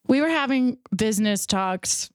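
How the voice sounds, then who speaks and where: Lively woman with a bouncy, high voice. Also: unhurried, no room sound, clean studio sound. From Texas. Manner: lively, laughing, swears casually. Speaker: podcast co-host. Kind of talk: casual chat.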